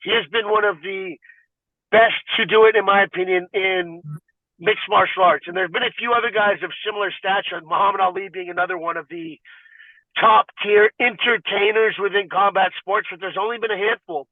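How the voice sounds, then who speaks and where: A man's voice: sits high, moderate pace, no echo. Rambling man on a tinny line. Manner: rambling and animated, heavy filler "like". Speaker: podcast guest, fighter and wrestler. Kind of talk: casual interview chat.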